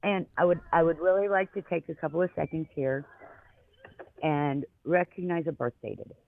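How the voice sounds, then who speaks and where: A male co-host with a slight Southern accent chats in an easygoing, casual way and laughs often. His voice sits fairly high, a bit creaky, at a moderate pace, and it comes through a tinny phone line.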